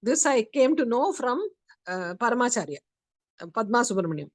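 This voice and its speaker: Woman teacher, high and animated, for a study-group story, dry close sound. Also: normal speed, no echo. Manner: lively storyteller, acts out quotes. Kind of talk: storytelling lecture.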